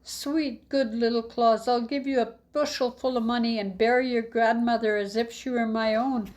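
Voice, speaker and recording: A woman's voice: fairly high pitch, fairly even intonation, normal speed, darkish tone, pitched above the performer's own voice, lightly acted. A woman voicing a fretful male innkeeper who pleads in a wheedling tone. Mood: pleading. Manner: wheedling, hand-wringing pleading.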